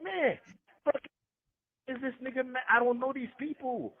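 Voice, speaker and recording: High husky man on a phone line. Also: normal speed. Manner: slangy, jumps between names and stories. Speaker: podcast guest. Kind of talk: rambling street storytelling.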